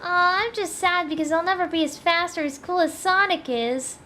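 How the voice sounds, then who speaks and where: A woman doing a squeaky little fox boy. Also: moderate pace, faint music behind. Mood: sad. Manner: squeaky, high and excited. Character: young fox boy sidekick, timid and eager.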